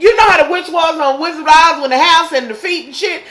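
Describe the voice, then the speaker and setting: Woman, casual TV review, profane, exclaiming, high pitch, bright tone. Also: a little fast, hardly any pauses. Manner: animated, swearing freely, shouting and gasping in disbelief. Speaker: TV episode reviewer.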